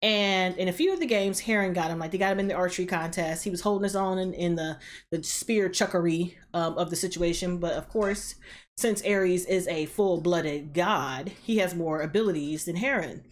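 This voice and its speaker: A woman runs through an episode recap for her reaction channel, loose and full of slang and swearing. Her voice sits on the low side for a woman. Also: moderate pace. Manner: animated, slangy and profane. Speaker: reaction video host.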